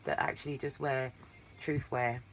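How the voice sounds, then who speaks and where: This English livestream host has an extremely low, fairly even voice at a moderate pace, with a little hiss or hum. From a phone positioned at a distance, she rambles warmly and calls viewers darling, sounding tired after talking all day.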